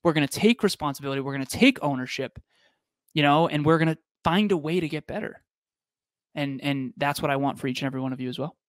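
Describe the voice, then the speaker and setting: A man's voice: a little high, fast, no room sound, clean studio sound. A man co-hosting a live podcast, giving an emphatic, repetitive motivational talk. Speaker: podcast co-host.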